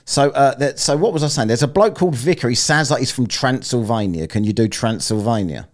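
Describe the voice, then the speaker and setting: A man's voice: medium pitch, animated, fairly quick. Rambling man, swearing freely. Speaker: live-streamer host. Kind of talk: casual chat.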